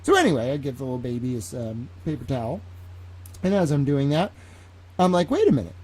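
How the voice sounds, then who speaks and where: A man streaming, talking in a rambling, profane, animated way as he tells stories. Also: mid-range voice, fairly quick. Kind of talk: casual livestream rant.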